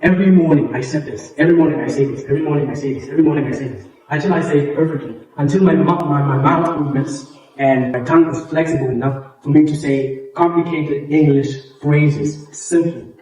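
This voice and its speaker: Speaking fast with hardly any pauses, this man has a fairly high, warm voice, heard distantly in a very echoey room. He is a public speaking coach whose first language is Xhosa, talking English with a South African Xhosa accent as he runs a workshop, explaining, repeating points and demonstrating.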